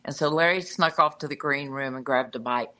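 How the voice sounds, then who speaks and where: A woman telling a lively, chatty anecdote in a casual conversation. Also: rumbling low, a little fast.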